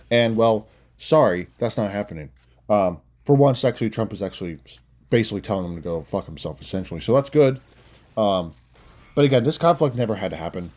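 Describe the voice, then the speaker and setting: Swearing freely and mocking as he goes, a young man delivers a blunt, casual political rant into his phone. His voice is lowish and a little mellow.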